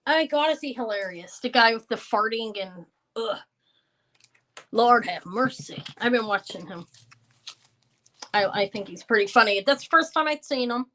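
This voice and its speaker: A woman's voice: a little high, expressive, moderate pace, bright, forceful tone. A woman in her fifties hosting a live jewelry sale, chatting casually and rambling between items while thanking and answering viewers. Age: 50s. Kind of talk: casual live-stream sales chat.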